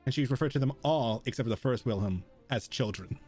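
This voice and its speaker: A man running a tabletop role-playing game as game master, thinking aloud in a relaxed way as he plays. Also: medium pitch, quick pace, soft background music. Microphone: streaming microphone.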